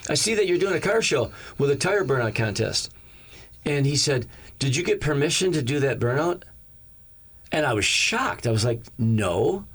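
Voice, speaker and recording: A male pastor telling a story to his congregation. His delivery is lively, and he slips into the voices of the people in the story, bouncing up in pitch to play them. His own speaking voice sits at a middle pitch for a man. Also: breathy edge. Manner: animated, acts out each character's lines in the story. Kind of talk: storytelling sermon.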